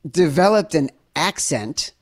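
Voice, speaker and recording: Teasing upbeat man, slightly high voice. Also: animated, takes it slowly. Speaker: podcast co-host. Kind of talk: casual sports chat.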